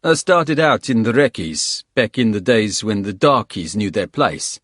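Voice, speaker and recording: A man's voice: lowish voice, animated, a little slow, a bit bright, no echo, clean studio sound. A man voicing a scruffy, wiry South African mercenary, cocky, crude and needling.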